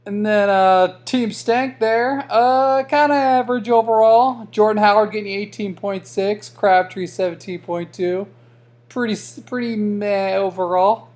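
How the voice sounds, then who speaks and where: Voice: mid-range voice, steady tone, a little slow, a little mellow. A fantasy football league commissioner giving a casual weekly recap, joking and trash-talking the teams with lots of fillers.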